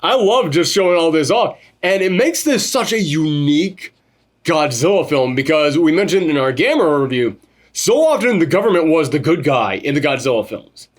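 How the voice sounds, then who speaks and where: Animated man talking films casually. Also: on the high side. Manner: animated, swearing, mimics characters in quick asides. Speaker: podcast co-host reviewing a film. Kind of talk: casual film review chat.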